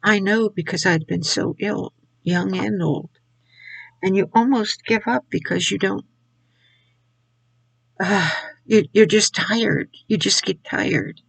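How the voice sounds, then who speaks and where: Slow, gravelly older woman. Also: mid-range voice, no room sound, low-quality recording. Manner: halting, repeats words. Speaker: Christian video speaker. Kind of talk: personal faith testimony.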